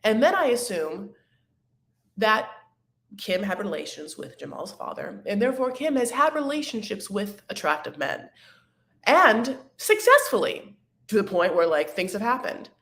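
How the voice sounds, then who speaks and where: A woman's voice: mid-range voice, sing-song, normal speed. Gossipy woman in an echoey room. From Arab-American. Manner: catty, dramatic, gossipy with sudden loud outbursts. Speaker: podcast host recapping a reality show. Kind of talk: casual recap chat.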